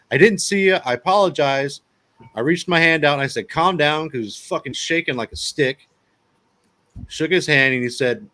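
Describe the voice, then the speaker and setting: A man with a middle-pitched voice, chatting as a podcast guest. He talks bluntly and swears freely. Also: fairly bright tone. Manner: blunt, profane, plainspoken. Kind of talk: casual storytelling chat.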